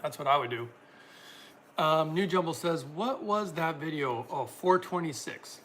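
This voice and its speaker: A man's voice: fairly high pitch, expressive, unhurried, fairly bright tone, a little hiss or hum. A man hosting a casual livestream, reading out viewer comments and answering them in a chatty way, laughing often.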